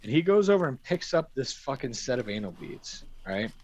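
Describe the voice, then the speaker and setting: A man with a mid-range voice tells a crude anecdote on a casual stream, swearing and acting out the quotes with animation. He talks a little fast, and the recording sounds muffled.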